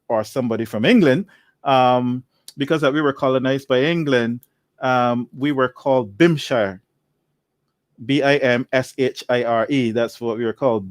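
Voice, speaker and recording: A man's voice: mid-range voice, no room sound. Barbadian man, chatty, dry close sound. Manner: chatty, laughs often, explains at length. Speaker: podcast guest. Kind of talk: casual conversation.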